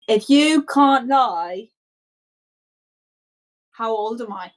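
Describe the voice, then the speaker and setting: A woman's voice: fairly high pitch, animated, very slow. A woman voicing a bossy, suspicious boy who pushes and accuses in a tabletop game. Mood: accusing. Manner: pushy, accusing.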